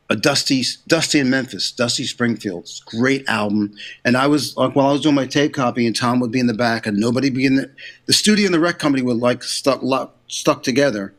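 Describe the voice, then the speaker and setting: An older man, an interview guest, telling career stories in a casual, animated way and acting out quotes in a raised voice. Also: medium pitch. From United States. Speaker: interview guest, recording engineer and producer.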